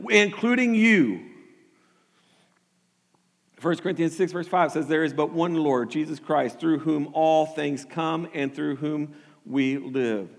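High-voiced man preaching in a reverberant hall. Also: measured pace. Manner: earnest, repeats words when starting a thought, builds to emphatic peaks. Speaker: pastor. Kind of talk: sermon.

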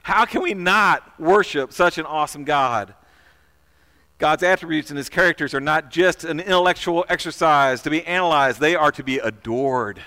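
An earnest male pastor delivering a sermon in a slightly higher voice. He stumbles over and repeats words as he leads the congregation in call-and-response. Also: moderate pace, sharp tone.

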